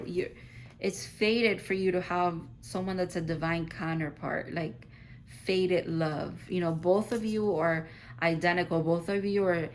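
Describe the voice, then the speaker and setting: A woman's voice: medium pitch, a little hiss or hum, low-quality recording. A woman giving a casual, rambling tarot reading to her viewers, full of "like" fillers and effusive reassurance. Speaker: tarot reader.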